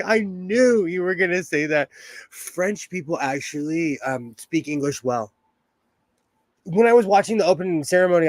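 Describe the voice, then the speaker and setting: A man's voice: fairly high pitch, no room sound. A man hosting a casual sewing livestream, chatting and reading comments while he works, laughing often. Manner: chatty, laughs often, reads chat aloud.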